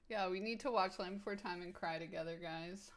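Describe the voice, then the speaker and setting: A woman's voice: mid-range voice, fairly even intonation, moderate pace. A woman streaming casually, answering viewers' comments in a rambling, enthusiastic way full of "like" and "um". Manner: rambling, filler-heavy with frequent "like" and "um"; enthusiastic, laughs easily.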